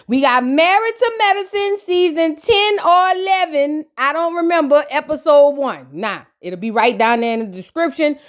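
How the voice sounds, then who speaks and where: Sassy high-voiced woman reviewer. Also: normal speed, hardly any pauses. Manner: sassy, gossipy, slangy and animated. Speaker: reality TV reviewer. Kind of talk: casual reaction commentary.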